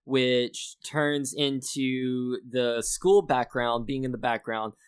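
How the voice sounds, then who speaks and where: A man's voice: mid-range voice, fairly even intonation, slow pace, clean tone, dry recording, clean studio sound. A man co-hosting a casual film discussion, recapping the plot conversationally. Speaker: podcast co-host.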